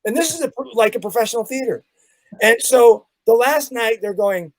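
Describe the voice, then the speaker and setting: A man's voice: very high-pitched, normal speed, dry recording, low-quality recording. A man, a magician guest, telling a story in a casual chat and acting out the sounds and the people in it. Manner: animated, acts out sounds and quotes.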